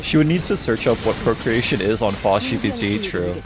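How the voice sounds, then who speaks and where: A man's voice: on the low side, a little fast, music in the background. A man streaming a game and chatting casually, laughing often as he answers his viewers' messages. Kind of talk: casual livestream chat.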